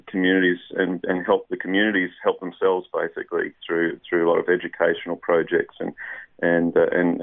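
An Australian man, a musician, talking in a casual radio interview, hesitant with many restarts and fillers. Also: deep voice. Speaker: musician guest. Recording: tinny phone line.

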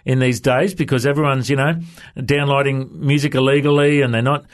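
A man's voice: mid-range voice, fairly even intonation, fairly quick. A man hosting a radio show, chatty and jokey in a casual interview. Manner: chatty, jokey, says "mate" a lot. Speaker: radio host.

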